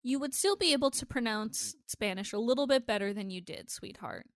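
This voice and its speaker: A woman's voice: fairly high pitch, a little fast. A woman co-hosting a podcast, joking bluntly and swearing freely in casual chat. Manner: blunt, profane, animated banter. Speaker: podcast co-host.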